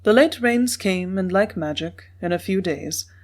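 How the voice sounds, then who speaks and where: A woman narrating a classic Western novel in a measured reading style. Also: mid-range voice, animated, a little mellow. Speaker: audiobook narrator. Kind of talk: scripted narration.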